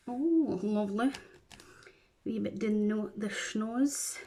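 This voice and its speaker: A woman's voice: medium pitch, slow pace, long pauses, dark tone, slight background noise. A Scottish woman chatting playfully through a makeup tutorial at home, with silly asides as she works. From Scotland. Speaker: beauty vlogger.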